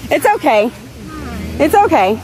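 A woman's voice: sits high, very animated, low-quality recording. A woman, a vlogger coaxing her dog and laughing often, recorded outdoors by a waterfall on a handheld camera. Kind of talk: casual vlog chatter. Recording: loud rushing water noise.

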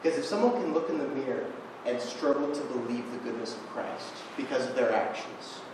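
A man's voice: medium pitch, a little fast. Young man preaching in an echoey church. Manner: conversational, self-deprecating storytelling. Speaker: guest preacher. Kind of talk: sermon. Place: church sanctuary. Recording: echoey church room from far off, noisy.

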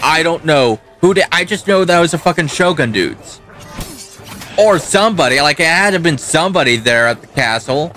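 A man's voice: a little high, expressive, normal speed, bright, forceful tone, faint music behind. A young man swearing and ranting as he comments on his own gameplay. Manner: profane, ranting, talks back to the game. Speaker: gaming channel host. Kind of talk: let's play commentary.

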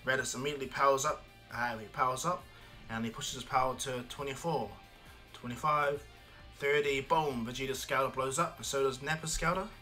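A man's voice: mid-range voice, steady tone, a little fast, bright, forceful tone, faint music behind. A man casually telling a homemade fan story, rambling with many restarts and fillers. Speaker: fan storyteller, channel host.

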